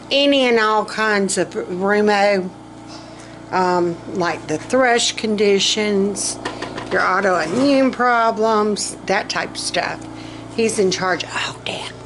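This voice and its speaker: A woman's voice: mid-range voice, background noise. A middle-aged woman, vlogging casually about her health, rambling and self-mocking, and short of breath.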